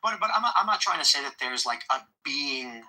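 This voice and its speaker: A man's voice: mid-range voice, animated, fairly quick, sharp tone, poor audio. A man talking as a podcast guest, explaining ideas with repeated words. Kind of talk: casual chat.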